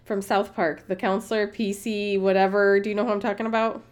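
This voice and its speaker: A woman co-hosting a casual podcast, chatty and quick to react and laugh. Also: mid-range voice, little pitch movement. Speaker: podcast co-host.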